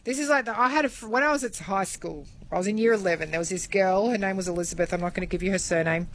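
A woman's voice: medium pitch, racing, fairly bright tone, slight background noise. Chatty woman co-host. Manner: chatty, storytelling, laughs easily. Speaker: radio co-host. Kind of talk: casual chat.

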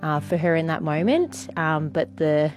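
This is a woman recounting a personal anecdote on the radio, loose and rambling with frequent ums. Her voice is on the low side, and faint music plays underneath. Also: lively intonation, measured pace. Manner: warm, rambling, many ums and you-knows. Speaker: radio contributor. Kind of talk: casual storytelling on radio.

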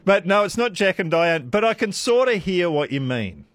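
Lively-voiced radio quiz host. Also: male voice, high voice, normal speed. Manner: chatty, self-deprecating, laughs often. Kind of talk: casual radio quiz chat with callers. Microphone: studio microphone.

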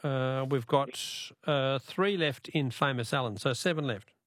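A man's voice: medium pitch, a little slow, a bit bright, dry recording. A man with an Australian accent hosting a radio call-in quiz, jovial and bantering, laughing often with callers.

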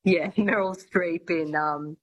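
A woman's voice: fairly low pitch, fairly even intonation, slow pace, dull audio. Chatty woman coach. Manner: chatty, with many restarts and fillers. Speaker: accent coach. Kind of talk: radio interview guest.

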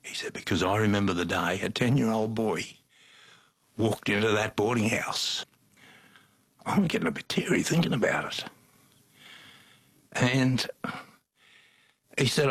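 Husky older Australian man telling yarns. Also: fairly low pitch, unhurried, long pauses, fairly bright tone. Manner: folksy yarn-spinning, chuckles often. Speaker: interview guest. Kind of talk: casual storytelling.

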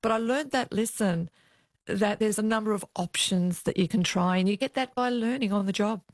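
Older woman, ex-cop guest, lively storyteller who does the voices, dry close mic. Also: mid-range voice, moderate pace, no echo. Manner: animated, acts out quoted voices. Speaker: retired police officer, guest. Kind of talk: storytelling in an interview.

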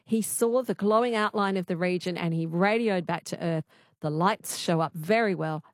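A woman's voice: fairly low pitch, moderate pace, dry recording, clean studio sound. A woman hosting a talkback radio quiz, laughing often as she chats with callers. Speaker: radio host.

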